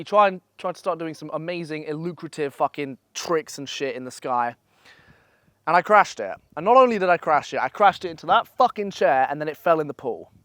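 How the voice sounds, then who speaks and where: A young man gives blunt, profane, energetic motivational advice in a casual vlog, speaking at a holiday villa. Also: a little high, no room sound. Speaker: online business coach.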